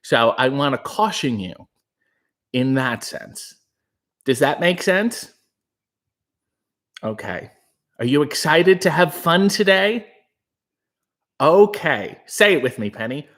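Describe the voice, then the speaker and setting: Casting note: Canadian male livestream host, breathy, quiet delivery, rambling jokes, close-miked. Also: fairly high pitch, very animated, slow pace, long pauses. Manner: breathy, hushed, rambling and joking. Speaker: livestream host reading chat. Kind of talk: casual live chat. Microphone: new studio microphone.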